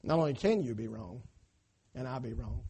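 A man preaching a sermon in church, emphatic and swinging between loud cries and hushed asides, calling on the congregation to answer. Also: medium pitch, lively intonation, moderate pace, breathy edge. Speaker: pastor.

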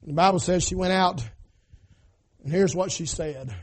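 A male pastor preaching a sermon, retelling scripture in folksy everyday words and swinging from loud to hushed. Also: high-pitched, normal speed, pauses often, breathy edge.

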